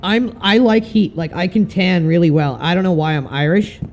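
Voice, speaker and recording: A man's voice: sits high, moderate pace. A man chatting casually and swearing now and then while commenting on his sim racing stream. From Canada.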